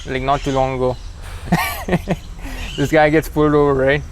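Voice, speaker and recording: A man's voice: fairly high pitch, moderate pace, a little hiss or hum. A young man from India co-hosting a casual comedy podcast, wry and chuckling as he tells anecdotes. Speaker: podcast co-host.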